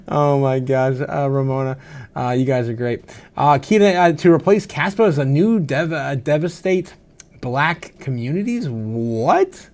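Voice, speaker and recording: Slightly drunk guy hosting a stream, kinda high-pitched, rambly, says uh a lot, laughs easy. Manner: loose and chatty, frequent "uh" fillers, laughs often. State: tipsy from drinking, slightly slurred. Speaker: crypto livestream host. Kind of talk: casual livestream chat reading viewer comments.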